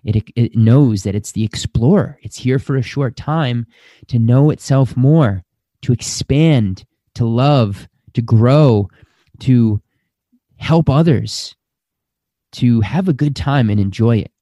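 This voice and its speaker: A man's voice: mid-range voice, warm tone, no echo, studio quality. A man, a spiritual teacher, giving an earnest, reflective talk and stretching out the words he stresses. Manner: slow, earnest, drawn-out emphasis.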